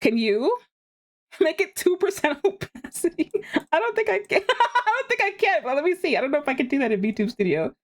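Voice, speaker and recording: A woman's voice: sits high, sing-song, a little fast. A young woman streaming a game, chatting casually and animatedly, laughing often and talking to herself. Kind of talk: casual live-stream chat.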